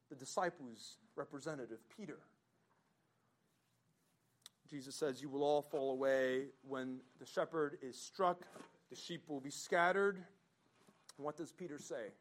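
Man, pastor, sermon, slow deliberate delivery, slightly high voice, dramatic loud-to-hushed swings.

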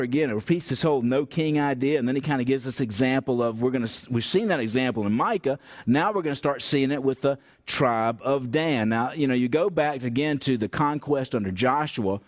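Folksy man teaching scripture. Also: mid-range voice. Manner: conversational, many fillers and restarts, folksy asides. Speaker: Bible study teacher. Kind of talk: teaching a Bible study, reading scripture aloud and explaining.

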